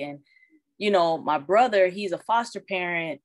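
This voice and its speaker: A woman who is a parent and social worker, talking candidly and colloquially in casual chat, animated when she retells what others said. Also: lowish voice, normal speed, no echo. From Arizona. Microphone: video call.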